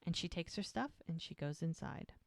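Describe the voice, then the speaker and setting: A woman's voice: low voice, animated, moderate pace, creaky, a crowd in the background. A woman co-hosting a podcast, casually retelling scenes and briefly mimicking the characters' lines. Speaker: podcast co-host. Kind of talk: casual recap chat.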